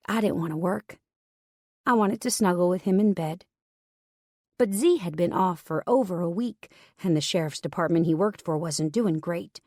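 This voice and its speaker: A woman narrating a first-person romance audiobook in a steady, wry storytelling manner. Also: lowish voice, normal speed, no room sound, studio quality.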